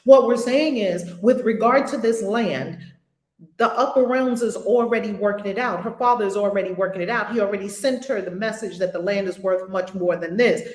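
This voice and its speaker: Emphatic woman spiritual teacher, echoey. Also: a little high. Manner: emphatic, blunt, with swearing; animated, acts out little scenes. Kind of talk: spiritual group discussion.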